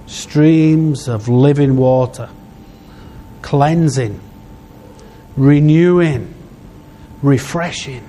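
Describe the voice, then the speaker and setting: Man, preacher, sermon, very slow, heartfelt, pausing phrases, faint background hum. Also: mid-range voice, mellow.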